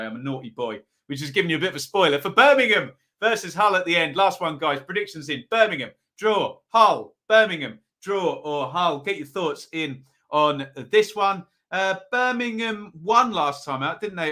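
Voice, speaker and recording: A man's voice: a little high, pushed and bright. A man hosting a live football predictions stream, chatting casually, reading out viewers' picks and tossing in tag questions. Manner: chatty and upbeat, many ums and rhetorical tag questions.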